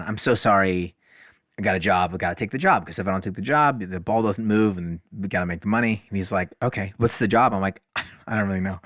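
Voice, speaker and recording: A man, a podcast guest, telling stories in a casual, animated way, often saying "like" and acting out dialogue. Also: on the low side, dry recording, clean studio sound. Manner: animated, fills speech with "like", acts out dialogue. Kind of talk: casual storytelling.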